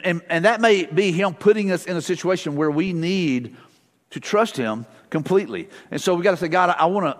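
A middle-aged male pastor preaching a sermon in a church, casual and conversational, mixing family stories with repeated short prayers. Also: high voice. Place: church sanctuary. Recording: long church-hall reverb.

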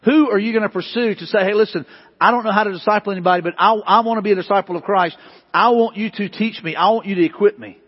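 Husky, high-voiced preaching man in a hall. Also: fast talker. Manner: repetitive, emphatic preaching with rising bursts. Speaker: pastor. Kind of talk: sermon. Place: church sanctuary. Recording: dull lo-fi hall recording.

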